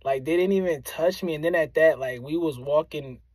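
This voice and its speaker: Casting: male rapper from Springfield, animated story to camera, a bit high, no room sound. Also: normal speed, no echo. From Springfield, Massachusetts, US. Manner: animated, addresses listeners directly, repeats phrases for emphasis. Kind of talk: casual storytelling to viewers.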